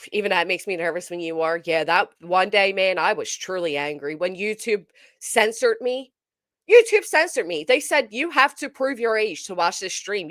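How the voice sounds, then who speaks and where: A woman hosting a casual livestream, chatting to viewers in an animated, emphatic way with a forceful edge. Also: lowish voice, dry recording, studio quality. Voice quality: tends to sound forceful, described as angry. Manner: animated, emphatic, talks straight to chat. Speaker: livestream host.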